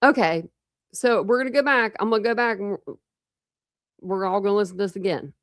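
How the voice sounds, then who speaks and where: A woman's voice: medium pitch, brisk, dry recording, studio quality. A woman hosting a true crime channel, talking casually to viewers and thinking aloud as she goes. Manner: rambling, thinks aloud with restarts.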